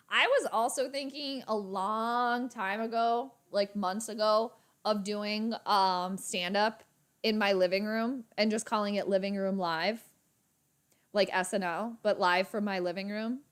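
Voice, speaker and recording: Excitable woman streaming a game reaction. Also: medium pitch, a little slow. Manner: excitable, chatty, laughing often. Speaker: sports channel host.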